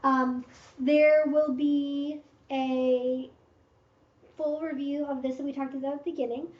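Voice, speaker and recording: A woman's voice: high-pitched, little pitch movement, measured pace. A woman hosting a casual livestream Q&A, giving frank, direct advice with lots of fillers. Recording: roomy, slightly dull stream audio.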